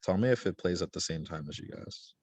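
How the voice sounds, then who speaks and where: Young male teacher, very deep voice, casual and halting delivery with fillers, online class. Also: darkish tone, dry recording. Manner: casual, many fillers and restarts.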